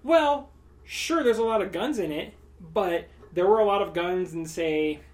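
A man's voice: high-pitched, measured pace. A man co-hosting a podcast in casual chat, rambling along with joking asides. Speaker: podcast co-host.

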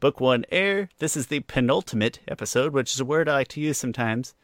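A man's voice: mid-range voice, quick pace, no echo, studio quality. A man co-hosting a casual podcast, joking and playful as he talks. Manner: jokey, playful, laughs often. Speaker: podcast co-host. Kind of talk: casual chat.

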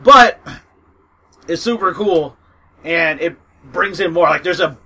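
A man's voice: a little high, slow, pushed and bright, breathy edge, poor audio. A man chatting casually about fantasy audiobooks, rambling with fillers, swearing and laughing often. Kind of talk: casual book recommendation chat.

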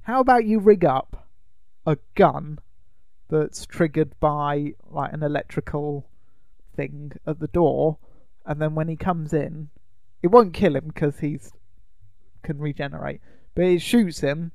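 A man's voice: on the high side, measured pace, vocal fry, a little mellow, dry recording. A man co-hosting a podcast, recapping a film in casual, rambling chat. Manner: rambling, with many ums and uhs. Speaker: podcast co-host.

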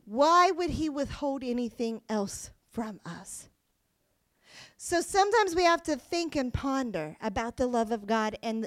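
Woman, Bible teacher, earnest sermon style, high voice, dry close sound. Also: no room sound. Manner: earnest, reads scripture then explains with emphasis.

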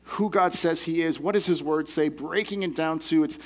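A man's voice: fairly high pitch, moderate pace. A young adult man giving a sermon as a pastor, teaching in a conversational, earnest way.

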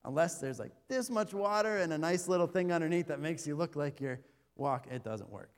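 High-voiced male preacher in reverberant hall. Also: lively intonation, brisk, smooth. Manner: conversational, self-deprecating humor, stammered restarts. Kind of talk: sermon with scripture reading.

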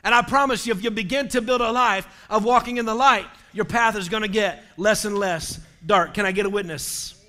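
A man preaches with fervor, his voice pitched high for a man. His tone is bright and forceful, and he pushes into shouts at his strongest points. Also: a little fast, few pauses. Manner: impassioned preaching, rising to shouts. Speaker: pastor. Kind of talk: sermon.

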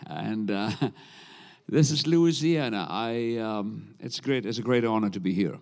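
South African preacher in a reverberant hall. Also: male voice, fairly low pitch. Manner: warm-up banter, humorous, unhurried. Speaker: visiting preacher. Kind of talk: sermon.

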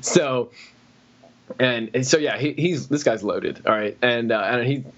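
A man's voice: a little slow, fairly bright tone. A man casually telling rambling work stories on a podcast, slipping into quoted voices. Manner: rambling, acts out quoted people in high voices. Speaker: podcast co-host. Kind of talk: casual storytelling chat. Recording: dull lo-fi podcast audio.

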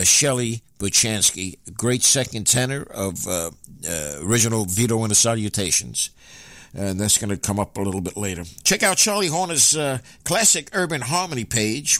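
Lively-pitched male radio host. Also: dry recording. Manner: rambling, frequent filler pauses. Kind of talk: casual radio announcing.

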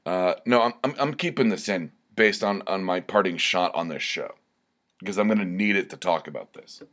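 A man's voice: sits low, normal speed, fairly bright tone. A young man hosting his own podcast alone, rambling and swearing, tipsy and stammering as he gets worked up. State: slightly tipsy from drinking shots. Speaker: podcast host. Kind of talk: casual solo podcast monologue.

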